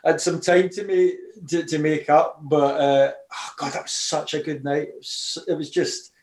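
Chatty Scottish man, high voice, echoey. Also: fairly even intonation, normal speed, darkish tone. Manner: laughing, chatty storyteller. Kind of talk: casual reminiscing chat. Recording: roomy echo.

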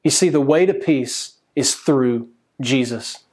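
A man's voice: medium pitch, takes it slowly, darkish tone. A man preaching an earnest sermon as a pastor, speaking directly to viewers watching online.

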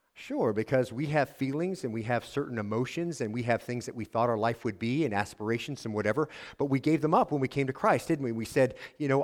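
A man preaching a sermon, earnestly asking his congregation questions and reading a letter aloud in a softer tone. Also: mid-range voice. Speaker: pastor.

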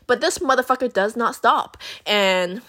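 A woman's voice: a little high, normal speed. A young woman telling a story to camera in a casual, chatty way, swearing freely and using lots of fillers. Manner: profane, animated, chatty with many fillers. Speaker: vlogger.

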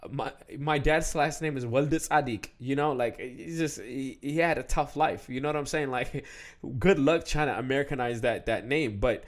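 A young man talking casually to the camera, animated, with many fillers, restarts and laughs. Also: medium pitch, moderate pace. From Ethiopian heritage, raised in the West.

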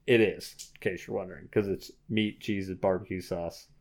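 A young man with a fairly low voice chats casually on a podcast, cracking jokes and laughing between lines. His delivery is loose and playful. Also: steady tone, normal speed, vocal fry. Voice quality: laughs often, jokey and playful. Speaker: podcast co-host. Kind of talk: casual chat.

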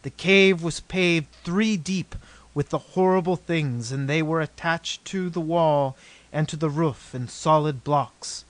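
A man narrating an adventure novel as an audiobook in a steady, measured reading. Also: a little high.

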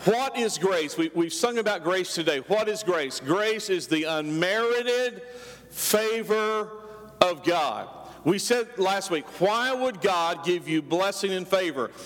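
A man's voice: high voice, expressive, slow, fairly bright tone, in a large hall. A man preaching a sermon, telling a story with animation and calling out questions to his congregation. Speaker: pastor.

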